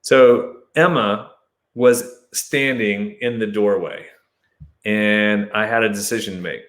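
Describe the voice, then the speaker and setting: A man hosting his show, telling a personal story as a monologue and acting out shouted lines with sudden high jumps. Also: steady tone, slow, echoey room.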